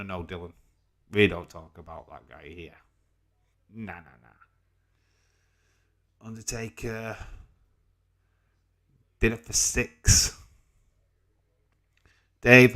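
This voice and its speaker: A British man with a fairly low, fairly bright voice hosts a casual live watch-along stream. He chats, swears freely, and reads out comments from viewers.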